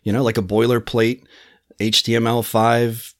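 A man's voice: medium pitch, flat delivery, moderate pace. Man thinking aloud on a podcast. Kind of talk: casual chat.

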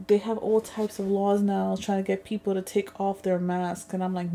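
Gravelly-voiced woman venting casually. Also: mid-range voice, completely flat delivery, normal speed, few pauses, mellow. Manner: rambling, venting, swears often, sarcastic asides. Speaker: vlogger. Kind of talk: casual chat.

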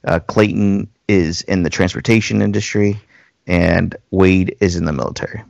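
A man in his thirties hosts a casual podcast chat, his low voice carrying a gravelly edge. He rambles through stories, close to the mic in a dry, dead room. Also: fairly even intonation, normal speed, a little mellow, no room sound, muffled recording. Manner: rambling storyteller, mimics voices in anecdotes. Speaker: podcast host.

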